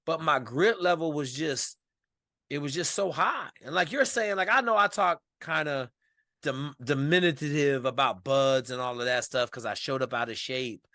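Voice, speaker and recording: A man from Washington state, a podcast guest telling a story in casual, animated, profane speech. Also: fairly high pitch, moderate pace, dry recording, studio quality.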